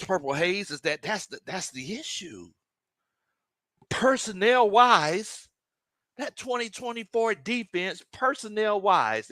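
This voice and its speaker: A man hosting a casual sports live stream, reading viewer comments aloud, animated and laughing often. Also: on the high side, dry recording. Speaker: sports show host.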